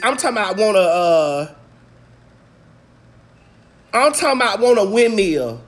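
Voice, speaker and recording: A woman talks straight to her viewers in a loud, profane vlog rant, her voice mid-pitched and nasal from congestion. She jumps from near-shouts and laughter to low, muttered asides. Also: very animated, unhurried, slight background noise. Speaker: vlog host. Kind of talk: casual rant recapping a movie.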